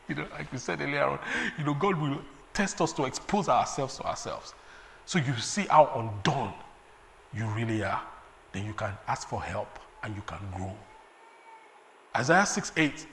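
A man from Nigeria preaching a sermon in a lively way, laughing often and breaking into sung refrains. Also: medium pitch, moderate pace, creaky.

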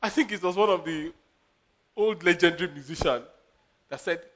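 A man preaching a sermon as a pastor, animated, laughing and acting out quotes. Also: high-pitched, normal speed.

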